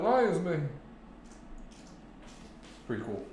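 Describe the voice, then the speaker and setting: A man's voice: medium pitch, lively intonation, measured pace, long pauses. Loose, joking young man. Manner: loose, joking, swears freely, bursts into loud shouts. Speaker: crypto streamer answering chat questions. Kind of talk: casual live-stream chat.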